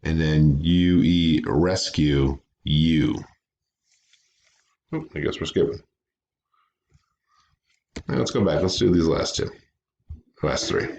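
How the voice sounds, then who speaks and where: A man with a very low, deep voice leads a recorded phonics lesson for young students. He speaks patiently and carefully, breaking words into syllables and repeating each sound. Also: takes it slowly, vocal fry, pauses often, darkish tone, muffled recording. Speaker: teacher.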